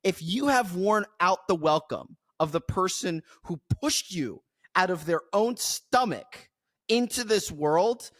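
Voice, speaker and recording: A man hosting a podcast rants bluntly, leaning hard on his points. His voice sits fairly high and swings up and down a lot. The sound is close and dry. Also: expressive, takes it slowly, fairly bright tone, no echo. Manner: emphatic ranting, blunt. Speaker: podcast host. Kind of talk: casual chat.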